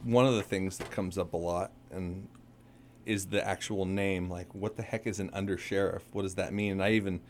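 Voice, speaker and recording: A deep-voiced man chats as a guest in a radio studio, rambling, stopping and correcting himself as he works through his answers. A faint hum of ambience sits behind him. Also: steady tone. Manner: rambling, halting, self-correcting. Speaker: undersheriff guest. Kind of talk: casual radio interview.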